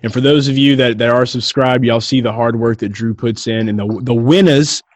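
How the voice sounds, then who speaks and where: A man co-hosting a casual podcast, talking in an excitable, rambling way and swearing freely. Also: medium pitch, fairly quick, dry recording. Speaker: podcast co-host.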